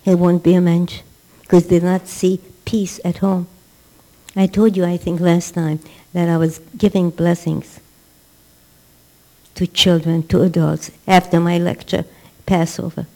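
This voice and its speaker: A woman teaching a religious class in a warm, mellow voice. She speaks emphatically, repeats key words for stress and acts out the people she quotes. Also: on the low side, flat delivery, unhurried, pauses often, poor audio. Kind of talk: religious lecture.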